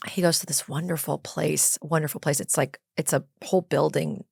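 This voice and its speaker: A woman hosting a podcast interview, eager and affirming, often agreeing warmly with her guest. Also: sits low, fairly even intonation, moderate pace, vocal fry, husky, no echo, clean studio sound. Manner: enthusiastic, affirming, often says "I love that". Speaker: podcast host. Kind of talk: casual interview chat.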